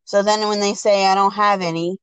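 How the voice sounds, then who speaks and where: A woman's voice: mid-range voice, little pitch movement, brisk, smooth, no room sound, rough recording. A woman hosting a casual podcast chat, carefully repeating words she is learning and laughing often. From North America. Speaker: podcast host.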